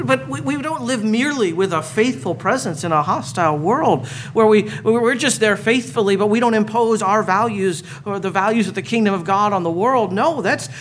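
A man's voice: high voice, a bit bright, a little hiss or hum. A man preaching a sermon as a pastor, earnest, with storytelling asides.

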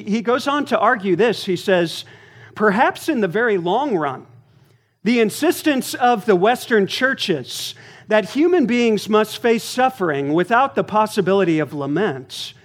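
A pastor preaches a sermon in an earnest, measured way, repeating his key phrases so they sink in. His male voice sits a little high. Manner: earnest, with repetitions for emphasis.

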